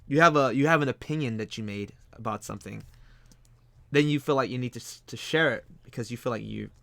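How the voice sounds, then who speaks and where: A man talks casually to his stream while drawing, circling back and repeating phrases as he thinks aloud. His voice sits at a middle pitch, recorded close and dry with no room sound. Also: brisk, gravelly, pushed and bright, dry recording. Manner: rambling, repeats phrases, frequent restarts. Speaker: streaming artist host.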